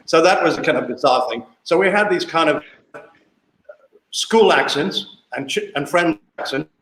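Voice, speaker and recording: A man's voice: fairly high pitch, expressive, moderate pace, a bit bright. A man in his sixties from South Africa, a guest telling family stories in a chatty, anecdotal way and often repeating himself. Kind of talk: casual storytelling interview. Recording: echoey room.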